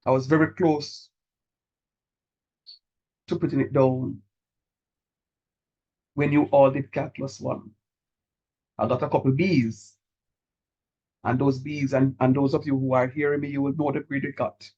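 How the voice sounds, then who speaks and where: A man teaching a calculus class, encouraging his students and repeating key steps slowly so they follow. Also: medium pitch, level tone, dark tone, husky, lo-fi sound. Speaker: calculus lecturer. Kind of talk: online math lecture.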